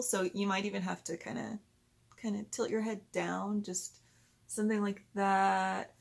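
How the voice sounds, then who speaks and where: A woman explaining parenting steps in a patient, conversational way, sometimes acting out gentle lines a parent might say. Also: medium pitch, fairly even intonation, measured pace, vocal fry. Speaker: parenting educator. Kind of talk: explanatory talk.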